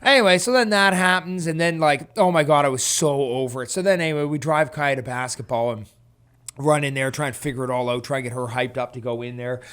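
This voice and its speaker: Animated male podcast co-host telling stories. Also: medium pitch, a little fast, smooth. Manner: animated storyteller who acts out voices and laughs often. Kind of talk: casual storytelling chat.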